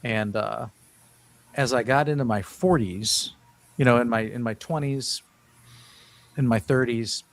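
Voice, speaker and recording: A man in his fifties, appearing as an interview guest, tells his story in casual conversation, earnest and rambling with many restarts. His voice sits in the mid range, and the recording has no room sound.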